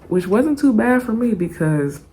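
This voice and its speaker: A young woman telling a story in a casual storytime vlog, animated and profane, laughing often. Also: a little high, slow pace.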